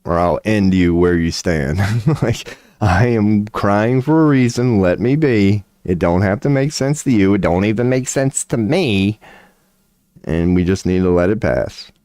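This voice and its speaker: A man's voice: on the low side, lively intonation, unhurried, dark tone, dry recording. A toothless man on a casual livestream, rambling and swearing to his chat and laughing at himself. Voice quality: toothless, slightly lisping when mouth is dry. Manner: loose and profane, laughing at himself. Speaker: streamer giving tarot readings.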